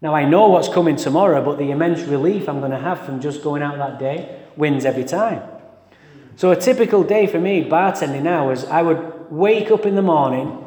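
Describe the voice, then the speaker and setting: A man's voice: fairly high pitch, fairly quick. A man candidly telling his own recovery story to an audience, acting out his past thoughts with self-mocking humor. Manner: candid, animated storytelling with self-mockery and acted-out inner voices. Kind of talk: personal story told to an audience. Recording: echoey hall.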